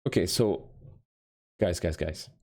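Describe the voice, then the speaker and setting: A man chatting casually on a live stream while making a game, self-mocking and swinging between low mutters and excited squeals. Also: slow, gravelly, a little hiss or hum.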